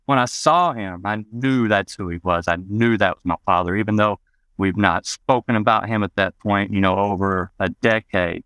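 Man, low and smooth, dry close mic, rambling storyteller. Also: normal speed, fairly bright tone, no echo. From Arkansas, US. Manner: rambling, many "you know" asides. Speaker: guest. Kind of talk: personal storytelling in an interview.

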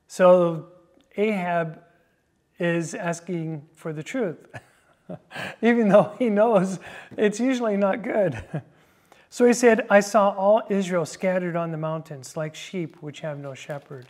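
Hesitant, unhurried Bible teacher. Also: medium pitch, darkish tone. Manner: reads scripture aloud then explains it; frequent hesitant fillers.

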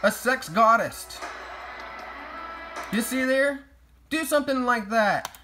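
A man's voice: extremely high pitch, animated, slow, sharp tone, soft background music. A man delivering sarcastic, mock-outraged comedic commentary as a vlogger. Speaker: YouTube vlogger.

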